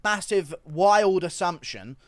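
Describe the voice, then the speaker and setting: A man's voice: high-pitched, slow pace, no room sound. British man giving fight analysis. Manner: steady explanatory talk, addressing viewers. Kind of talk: casual spoken commentary.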